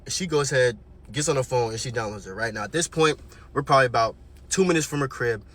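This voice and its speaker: A young man telling a storytime monologue in an animated, slangy way, often checking in with the listener. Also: mid-range voice, quick pace. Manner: animated, slangy, keeps checking in with "right?" and "okay?". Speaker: vlogger.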